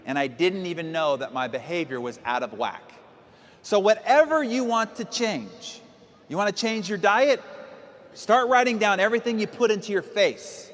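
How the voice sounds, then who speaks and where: A man's voice: high-pitched, fairly bright tone. A man giving an emphatic motivational speech, telling stories and acting out quotes along the way. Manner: emphatic, storytelling with acted quotes. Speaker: motivational speaker. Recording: long hall reverb with faint music.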